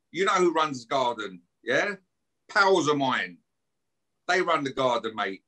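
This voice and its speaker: A man's voice: medium pitch, very animated, unhurried, pushed and bright. A man doing a swearing rant. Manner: aggressive, swearing, taunting. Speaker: podcast guest. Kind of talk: heated podcast rant.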